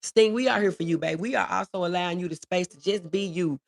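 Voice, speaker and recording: A woman's voice: lowish voice, fast, gravelly. A woman hosting a casual livestream, reading viewer comments aloud and answering them in an earnest, reassuring way, often repeating her key phrases.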